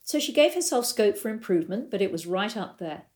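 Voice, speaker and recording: A middle-aged woman who coaches riding explains ideas through anecdotes, telling them like stories and performing the conversations she quotes. Her mid-range voice moves quickly, swings widely in pitch, and has a slightly mellow quality.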